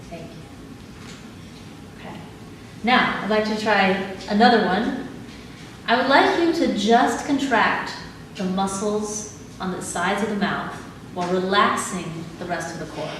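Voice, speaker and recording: A woman leading a live audience through body exercises in a calm, instructive way, laughing easily. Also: medium pitch, a little slow. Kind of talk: live talk with guided exercises. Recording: echoey hall, mic at a distance, audible background noise.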